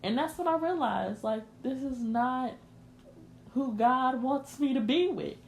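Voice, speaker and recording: A woman's voice: sits high, lively intonation, measured pace, creaky, a little hiss or hum. A young woman hosting a podcast, confiding a personal story in an emotional, candid rant and speaking straight to her listeners. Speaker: podcast host.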